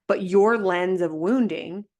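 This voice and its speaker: A woman coaching a group over a video call, reflective and gentle, often restarting her sentences. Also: lowish voice, slow pace. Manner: gentle, reflective, thinks aloud with many restarts. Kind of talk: live online coaching session.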